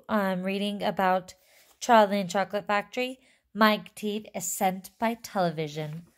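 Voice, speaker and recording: A woman teacher reading a children's book aloud at a slow, deliberate pace, pausing to put questions to her class. Her delivery is expressive and clear, at a middle pitch for a woman.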